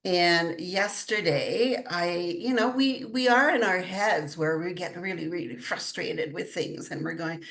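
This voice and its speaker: A woman's voice: lowish voice, a little slow, few pauses, fairly bright tone. An older woman chatting in an interview, telling stories with frequent laughs. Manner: chatty storytelling, laughs often. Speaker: guest, intuitive channeler. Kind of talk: casual interview chat.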